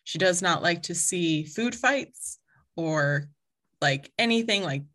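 A woman's voice: on the low side, animated, slow pace, fairly bright tone. A woman co-hosting a podcast, chatting casually and rambling, with lots of fillers and frequent laughter. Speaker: podcast co-host. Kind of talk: casual chat.

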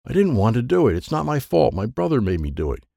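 A cornered, whining boy in a children's storybook, voiced by a male reader. He pleads and blames others in a rough, gravelly voice. The recording is dry. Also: medium pitch, sing-song, fast, warm tone, dry recording. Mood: pleading. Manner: pleading, tattling. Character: scared, whiny boy caught out. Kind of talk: audiobook character voice.

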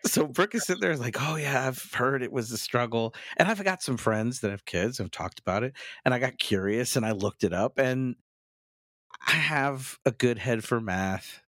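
Animated self-mocking male podcast host. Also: mid-range voice, moderate pace, no echo, studio quality. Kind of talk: casual podcast banter.

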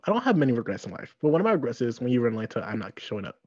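Husky woman co-host, wildly swinging pitch. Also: sing-song, rapid-fire, mellow. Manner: laughs often, playful banter. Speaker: podcast co-host. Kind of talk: casual recap chat. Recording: dull lo-fi sound.

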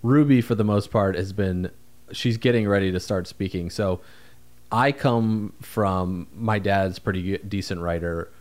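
Easygoing low-voiced man podcast co-host. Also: unhurried, a little mellow. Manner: rambling, easygoing, self-deprecating. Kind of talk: casual podcast chat.

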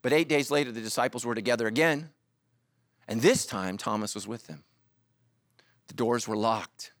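A man's voice: mid-range voice, normal speed, dry recording, studio quality. A middle-aged man preaching a sermon as a pastor, telling stories with jokes and acting out quotes. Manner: animated storytelling with jokes and acted-out quotes.

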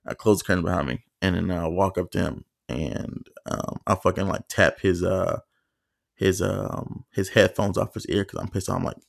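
A man's voice: low voice, steady tone, moderate pace, vocal fry, no echo, studio quality. A man hosting a solo podcast, telling a story in a casual, profane, rambling way with lots of fillers and acted-out quotes. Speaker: podcast host.

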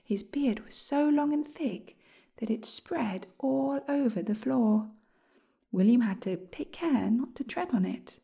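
A woman reading a children's storybook aloud in a lively, expressive way. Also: a little high, a little slow, creaky, husky.

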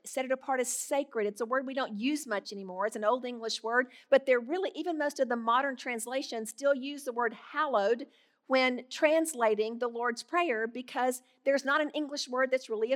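Middle-aged woman, earnest Bible teacher, slightly higher voice, warm conversational delivery. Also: moderate pace.

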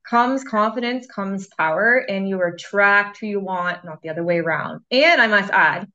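A woman's voice: medium pitch, normal speed, pushed and bright. Enthusiastic woman host, dull lo-fi sound. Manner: enthusiastic, affirming. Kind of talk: casual interview. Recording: dull lo-fi audio.

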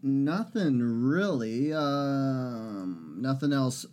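A man's voice: medium pitch, expressive, very slow, a little mellow. A man co-hosting a podcast, trading wry jokes in casual chat. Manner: wry, joking banter. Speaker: podcast co-host.

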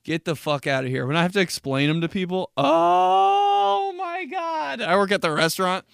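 Talking quickly in a fairly high, smooth voice, a young podcast host swears and laughs his way through story after story in a casual comedic monologue. There's no echo in the recording.

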